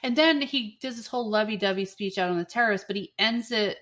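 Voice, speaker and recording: A woman in casual podcast chat, retelling a story with animated acted-out quotes and a bit of swearing. Her voice sits at an ordinary middle pitch. She talks loosely, with lots of fillers. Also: a little fast. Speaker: podcast co-host.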